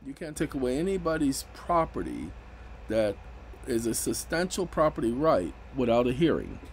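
A man's voice: mid-range voice, big pitch swings, normal speed, slight background noise, poor audio. A man giving casual, emphatic commentary on legal rights, raising his voice sharply when indignant.

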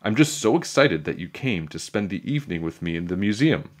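A man voicing an odd, cheerful woman tour guide at a museum, excitable and dramatic in a storybook reading. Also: low voice, brisk. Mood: chirpy. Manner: excitable, dramatic, hushed at times.

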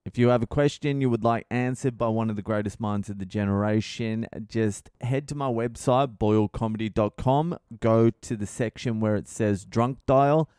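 Brief: middle-aged Australian male comedian, rowdy foul-mouthed rant, smooth voice, close dry mic. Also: mid-range voice, moderate pace, few pauses, no room sound. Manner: profane, rowdy, animated rant. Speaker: podcast host, comedian. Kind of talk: casual comedic monologue.

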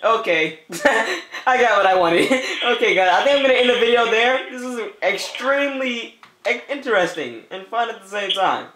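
A man's voice: very high voice, animated, normal speed, sharp tone, reverberant, slight background noise. A man giving playful let's-play commentary, teasing the other players and often breaking into laughter with goofy repeated calls. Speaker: gameplay commentator.

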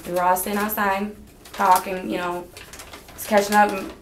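A woman's voice: medium pitch, flat delivery, moderate pace, a little hiss or hum. A woman in her twenties being questioned by police, telling her story in a rambling, hesitant way. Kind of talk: police interview. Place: police interview room. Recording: roomy archival interview recording.

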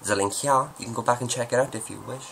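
A man's voice: medium pitch, fast, vocal fry, a bit bright, a little hiss or hum, low-quality recording. A man answering viewer questions at home in a rambling, joking, self-deprecating way. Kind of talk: casual Q&A monologue.

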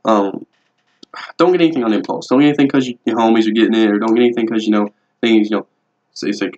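With a fairly low, darkish voice and a fast pace, a young adult man vlogs about his tattoos. His talk is rambling, profane, and bluntly laid-back, recorded with dull, lo-fi home video audio.

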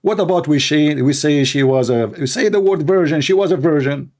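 A man's voice: fairly high pitch, a little fast, a little mellow. A man giving polemical commentary in a sarcastic, emphatic and mocking way. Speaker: religious debater.

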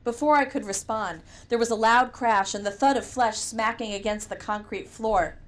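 A woman's voice: fairly high pitch, normal speed. Wry woman narrating an audiobook. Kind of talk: first-person audiobook narration.

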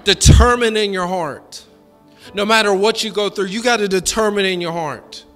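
High, bright-voiced man preaching a sermon. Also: normal speed, long reverb tail, faint music behind. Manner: call-and-response preaching, building to fervent shouting; folksy, colloquial phrasing. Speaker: pastor. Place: church sanctuary.

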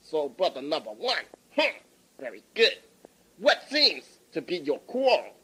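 A man voicing a calm old male restaurant elder who speaks slowly and hums between his measured phrases. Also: on the high side, husky, pitched below the performer's own voice, exaggerated voice, low-quality recording. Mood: soothing.

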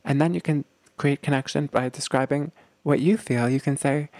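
Man, mid-pitched and gravelly, coaching couples gently, dry close sound; keeps checking in. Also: steady tone, moderate pace, dry recording. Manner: gentle, explanatory, often checks in with "okay?". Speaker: relationship coach. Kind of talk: relationship advice talk.

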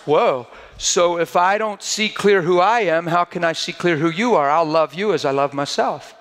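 A man's voice: a little high, a bit bright, big-room sound. A man preaching a sermon in a conversational way that builds to fervent emphasis, now and then acting out mocking quoted voices.

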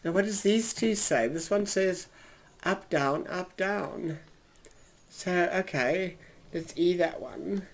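A man's voice: sits high, takes it slowly. Campy drag queen narrating gameplay. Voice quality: slightly husky. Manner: camp and theatrical, calls listeners darling. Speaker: drag queen gaming streamer. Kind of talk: casual gameplay commentary. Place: in a trailer.

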